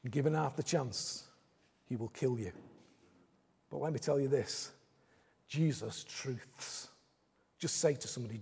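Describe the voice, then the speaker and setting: Male preacher, high and husky, repeats phrases, loud bursts then hushed lines, large hall reverb. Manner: repeats phrases, swings from loud and fast to quiet and slow. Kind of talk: sermon. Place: church service in a large hall.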